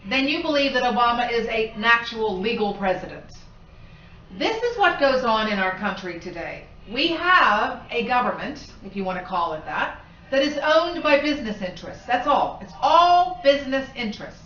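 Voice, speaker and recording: An indignant woman delivers an emphatic opinion rant, her voice high and cutting. She leans hard on single words. The sound is roomy and echoing, as if she sits some distance from the mic. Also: bright, forceful tone. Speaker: political commentator. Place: her home.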